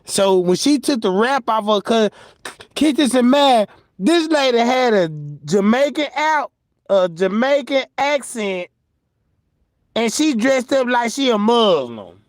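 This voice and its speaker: High-voiced man joking through commentary. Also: lively intonation, unhurried, no echo, clean studio sound. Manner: mocking, slangy, breaks into laughter; slips into mock voices for jokes. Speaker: commentary streamer.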